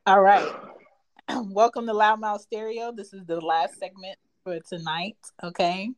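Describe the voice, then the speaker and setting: A woman's voice: medium pitch, steady tone, measured pace, no room sound. A woman co-hosting a late-night podcast, talking in a brash, profane and teasing way. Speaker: podcast co-host. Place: home desk.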